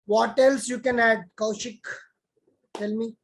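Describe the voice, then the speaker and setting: A man's voice: very high-pitched, steady tone, unhurried, a little hiss or hum, poor audio. A man teaching an online class, talking conversationally and calling on students by name.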